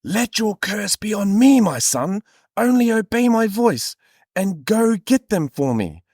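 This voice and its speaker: A hushed, scheming mother in whispered role-play, as a man puts her on. She gives orders in a raised, breathy whisper. The recording is close and dry. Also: sits high, very animated, a little slow, no echo, pitched above the performer's own voice, heavily acted. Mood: insistent.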